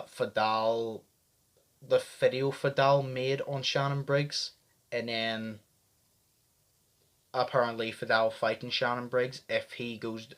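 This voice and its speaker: Fired-up guy ranting, swearing freely. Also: mid-range voice. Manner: animated, heavy swearing, fired up. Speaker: vlogger reacting to press conferences. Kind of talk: casual reaction commentary.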